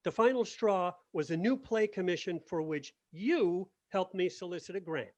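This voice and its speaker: A man's voice: high voice, normal speed, highs cut off, natural voice. A man reading the part of a sarcastic, combative theater artistic director in a video-call play reading. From Washington, D.C. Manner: sarcastic, needling.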